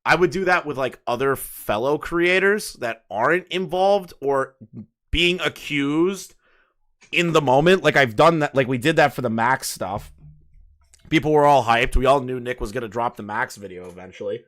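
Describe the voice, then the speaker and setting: A man's voice: medium pitch, moderate pace, a bit bright. Incredulous swearing man in his late twenties. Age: late 20s. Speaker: commentary host. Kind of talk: casual commentary reading messages aloud.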